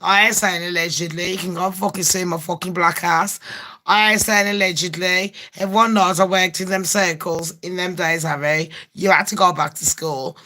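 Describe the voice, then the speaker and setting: A woman's voice: fairly low pitch, fairly even intonation, moderate pace, bright, forceful tone. A woman ranting in a casual gossip vlog, brash and full of swearing, laughing often. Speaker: gossip vlogger.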